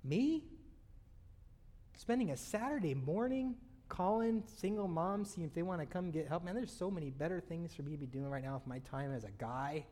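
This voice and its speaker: A man preaching a sermon, with sudden loud swells and soft drops in his voice. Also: fairly high pitch, animated, moderate pace. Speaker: pastor. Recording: long hall reverb.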